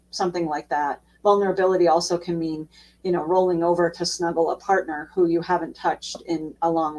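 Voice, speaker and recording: A woman social worker giving an educational talk in a relaxed, conversational way with frequent fillers. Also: on the low side, far from the mic, poor audio.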